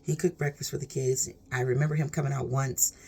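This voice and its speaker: Gravelly, husky woman telling her story. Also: rumbling low, flat delivery, brisk, a little mellow. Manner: earnest, rambling, heavy use of "like" and "literally". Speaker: vlogger sharing a personal testimony. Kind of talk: emotional personal storytelling.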